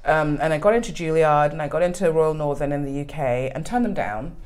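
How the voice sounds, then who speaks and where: A woman's voice: sits low, fairly quick, darkish tone. A woman, a podcast guest telling candid, self-mocking stories in a casual chat. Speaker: podcast guest, coffee educator. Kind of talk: casual conversational storytelling.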